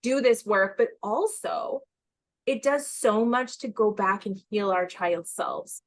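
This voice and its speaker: A woman in her forties hosting a podcast, talking in a rambling, animated way with quick asides. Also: medium pitch, no room sound. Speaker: podcast host. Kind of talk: casual conversational podcast chat.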